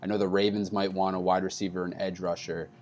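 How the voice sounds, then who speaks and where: A fairly low-voiced man from New York co-hosts a casual football podcast. He talks animatedly, and his voice leaps up whenever he pushes back on a point. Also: quick pace, a little hiss or hum. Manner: animated, pitch jumps up when arguing. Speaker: podcast co-host. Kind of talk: casual sports chat.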